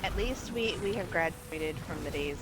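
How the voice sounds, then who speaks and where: A woman from Florida with an American accent, chatting casually on a livestream, talkative and quick to laugh. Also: lowish voice, animated, heavy background noise. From Florida, USA.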